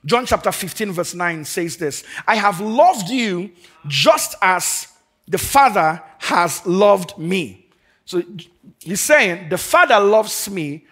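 High, bright, husky-voiced preaching man. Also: expressive, takes it slowly. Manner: emphatic, building to fervent declarations; leads the congregation in call and response. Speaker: pastor. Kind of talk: preaching a sermon. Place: church service before a congregation.

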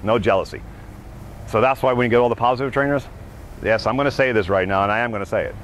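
A male dog trainer teaching a class outdoors, animated and often checking in with "right?". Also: mid-range voice, fast, slight background noise. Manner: animated, acts out dogs' thoughts, keeps asking "right?".

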